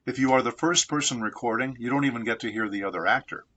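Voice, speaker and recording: A man from San Diego, a voice actor being interviewed, telling anecdotes in a measured, reflective way. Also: medium pitch, a bit bright, husky, lo-fi sound. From San Diego, United States. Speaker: voice actor guest.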